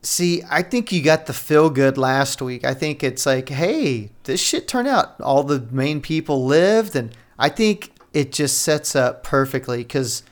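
Easygoing guy cohosting a podcast, middle pitch, cusses a lot. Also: a little slow, few pauses. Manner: relaxed, profane, laid-back agreeing. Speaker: podcast co-host. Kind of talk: casual chat.

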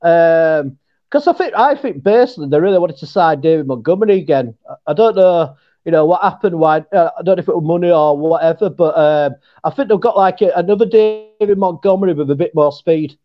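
A man's voice: a little high, a little fast. A man with a Yorkshire accent from England, a guest chatting casually, joking, laughing often and trailing off mid-sentence. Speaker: podcast guest. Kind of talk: casual chat. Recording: dull lo-fi call audio.

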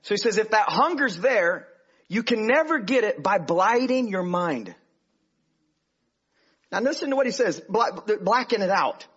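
Male preacher, high bright husky voice, animated sermon delivery, dull lo-fi recording. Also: measured pace. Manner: animated preaching, swinging from hushed to loud.

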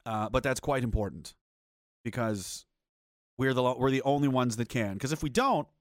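A man's voice: mid-range voice, animated, normal speed, no echo, clean studio sound. A man hosting a livestream, ranting in a heated, profane, sarcastic way and reading chat messages aloud. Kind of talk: angry political rant on a livestream.

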